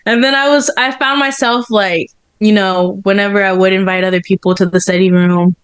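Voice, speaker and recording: A woman in her twenties, a student guest on a casual podcast, telling stories in an animated way, acting out her own reactions and laughing often. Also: mid-range voice, a little fast, smooth.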